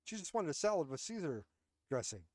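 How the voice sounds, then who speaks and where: A man's voice: fairly high pitch, very animated, a little fast, dry recording. A man hosting his own commentary show from home, ranting bluntly and sarcastically with plenty of swearing, recorded close on a headset. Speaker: host. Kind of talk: casual commentary.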